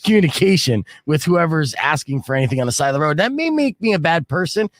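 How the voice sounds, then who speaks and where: A man's voice: on the high side, quick pace, no room sound. A middle-aged man hosting a radio show, telling stories with casual banter and dry punchlines into a studio mic. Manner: lively, jokey storytelling with dry punchlines. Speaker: radio and stream host.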